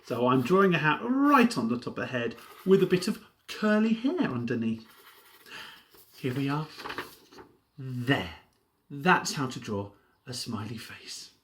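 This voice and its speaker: Animated man leading a drama class. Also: medium pitch, a little slow, pauses often, slight background noise. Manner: lively and animated, with playful character voices. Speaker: drama workshop leader. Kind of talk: home drama lesson, playing a TV presenter.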